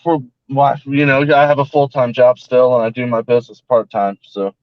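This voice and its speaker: A man chats as a guest on a panel, halting often and filling his sentences with "like" and "uh." His voice is dry and close, with a dull, lo-fi video call sound. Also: mid-range voice, little pitch movement, no room sound. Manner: hesitant, fills with "like" and "uh". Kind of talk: casual panel chat.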